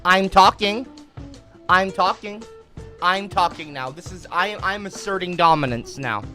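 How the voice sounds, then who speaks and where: A woman's voice: on the low side, lively intonation, moderate pace, bright, forceful tone, soft background music. A woman livestreamer reading donation messages in casual chat, swinging from dry muttering to shrieking outbursts.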